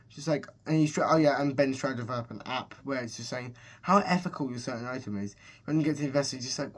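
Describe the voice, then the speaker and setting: A man's voice: medium pitch, quick pace. Rambling man recapping a film. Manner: rambling, full of restarts and "he's just like". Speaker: movie reviewer.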